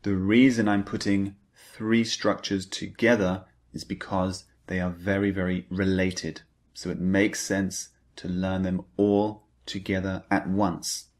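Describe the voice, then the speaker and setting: Slow, low-voiced male English teacher. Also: little pitch movement. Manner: repeats key points, stresses words. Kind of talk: slow, deliberate grammar lecture.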